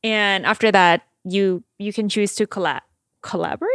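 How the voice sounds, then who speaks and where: A woman co-hosting a podcast in casual chat, a lively storyteller who laughs through her anecdotes. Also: medium pitch, normal speed, no room sound, studio quality. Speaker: podcast co-host.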